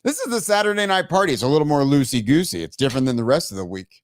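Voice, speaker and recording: A man's voice: a little high, lively intonation, racing, dry recording, clean studio sound. A man hosting a live show, chatting casually and getting exasperated and laughing at his own tech troubles. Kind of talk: casual live-stream chat.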